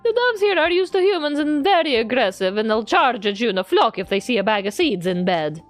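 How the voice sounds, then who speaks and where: A woman's voice: a little high, very animated, a little fast, soft background music. A woman streamer reading game text aloud in a playful way with running jokes. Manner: playful, adds a running joke to every line.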